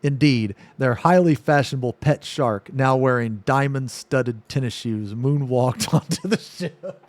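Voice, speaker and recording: A male streamer reading a silly story aloud, stopping to laugh and comment. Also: mid-range voice. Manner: reads haltingly, breaks off to laugh and comment.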